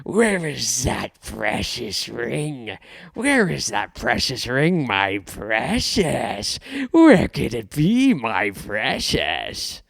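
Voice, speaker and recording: A man voicing Gollum, a creature obsessed with his ring, in slow, drawn-out, pleading phrases. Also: medium pitch, wildly swooping pitch, gravelly, fairly bright tone, dry recording, heavily acted.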